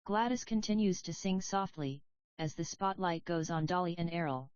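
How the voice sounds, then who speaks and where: A woman reading a play aloud as an audiobook, giving the stage directions in a plain, even way. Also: fairly low pitch, moderate pace, clear, resonant tone, no echo, dull audio. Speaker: audiobook reader. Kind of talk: scripted narration of a play.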